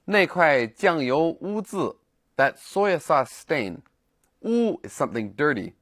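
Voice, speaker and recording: A man's voice: a little high, very animated, slow pace, fairly bright tone, no echo, studio quality. A man teaching a language lesson, explaining words and repeating example phrases in a scripted narration.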